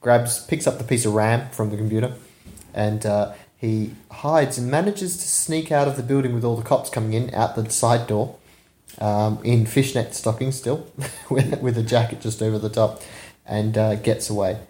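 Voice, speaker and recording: Mellow-voiced man in an echoey room. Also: mid-range voice, normal speed. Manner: loose retelling with fillers and chuckles. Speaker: podcast co-host reviewing a film. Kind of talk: casual chat recapping a movie. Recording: roomy echo.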